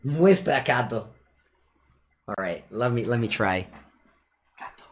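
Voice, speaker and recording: A man with a medium-pitched, lively voice talks a little slowly while playing a digital card game. His live-play commentary is casual, chatty and playful, interrupted by moments where he talks to his cat.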